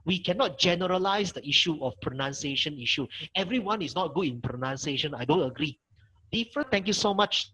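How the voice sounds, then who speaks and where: A middle-aged man with a Malaysian English accent leads a Mandarin workshop over video call, patiently restating his points and showing how tones sound. His voice is a little high, bright and forceful, slightly rough, with lively intonation and a somewhat quick pace. The audio is poor.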